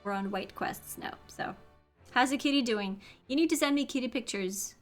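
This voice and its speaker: A woman's voice: a little high, normal speed, faint music behind. A woman giving casual, upbeat commentary while streaming a game and chatting with viewers. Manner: chatty, upbeat, talks to chat.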